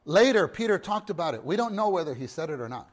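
A male preacher with a fairly high voice delivers a sermon that swings from hushed murmurs to loud, ringing exclamations. He repeats phrases for emphasis and keeps putting questions to his listeners. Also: big pitch swings, fast talker.

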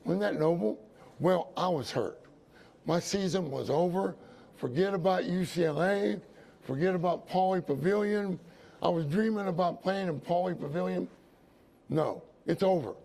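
A man delivers a sermon testimony in a gravelly, husky voice that sits a little high for a man. His tone is dark and mellow, and he tells his story in a loose, repeating way, breaking off now and then to reassure his listeners. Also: lively intonation, a little slow. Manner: storytelling, repeats phrases, asides to the congregation. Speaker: preacher.

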